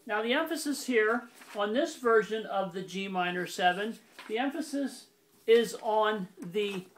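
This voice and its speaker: A man giving a casual accordion lesson, explaining step by step in a plain, methodical way and stopping now and then to correct himself. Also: sits high. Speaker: accordion teacher. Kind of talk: casual instructional demonstration. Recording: loud accordion under the voice. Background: accordion playing.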